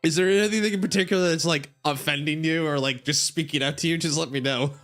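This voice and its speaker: A man's voice: fairly high pitch, fairly quick, a bit bright, soft background music. A man streaming, casually reading a game story aloud, giggling, rambling and stumbling over words.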